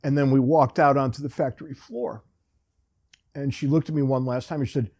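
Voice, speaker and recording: A man's voice: mid-range voice, fairly even intonation, fairly quick, a little mellow. A man hosting a podcast, telling a rambling, self-deprecating story in a casual, wry way. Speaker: podcast host.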